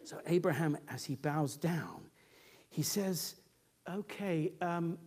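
High-voiced man preaching a story. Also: sing-song, slow pace, gravelly, darkish tone, slightly rough. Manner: conversational storytelling. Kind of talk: sermon.

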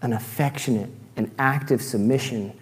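A man's voice: medium pitch, moderate pace, long reverb tail. A man giving an earnest teaching sermon, reading scripture passages aloud and adding light self-deprecating asides. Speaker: preacher.

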